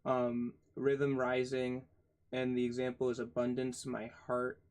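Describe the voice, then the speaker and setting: Male host, casual read-along of a textbook; level, flat delivery, halting reading with spelled-out words and asides to viewers. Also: medium pitch. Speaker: channel host reading a book aloud.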